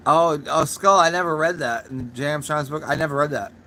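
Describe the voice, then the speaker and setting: A man's voice: a little high, a little fast, pushed and bright, a little hiss or hum. A young man hosting a casual livestream, talking to his chat in a rambling, profane way, a little drunk and laughing at his own jokes. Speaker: channel host answering live chat.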